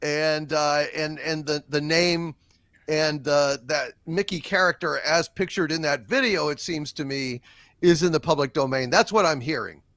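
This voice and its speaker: A man's voice: a little high, moderate pace, no echo. A man hosting a casual panel discussion who rants heatedly and swears. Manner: heated, swearing, animated rant. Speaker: show host.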